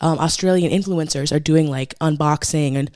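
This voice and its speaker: A woman's voice: low voice, normal speed, darkish tone, no room sound, clean studio sound. Chatty gossiping woman podcast host. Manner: chatty gossipy storyteller, swears freely. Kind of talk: casual chat.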